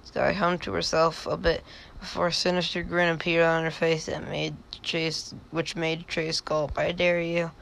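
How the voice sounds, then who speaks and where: A man's voice: fairly high pitch, monotone, measured pace, vocal fry, a bit bright, slight background noise. A man reading fan fiction aloud for laughs, with sardonic asides and stumbles over the words. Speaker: reader.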